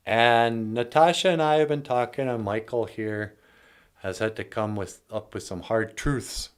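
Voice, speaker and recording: A man's voice: medium pitch, steady tone, unhurried, clear, resonant tone. A man hosting a casual, jokey language lesson, talking plainly with playful asides. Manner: playful, jokey, slips between plain talk and silly bits. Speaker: language teacher and show host.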